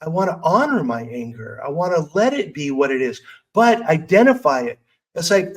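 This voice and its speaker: This is a middle-aged podcast host whose high, sing-song voice moves at a normal speed through a personal motivational talk on growth. His tone is earnest and frank, conversational, with asides where he talks to himself. The audio is poor.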